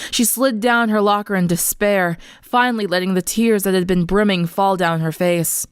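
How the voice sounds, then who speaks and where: A young woman reading a fan story aloud in an earnest, expressive storybook narration. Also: medium pitch, clear, resonant tone, no echo, clean studio sound. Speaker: fanfiction reader.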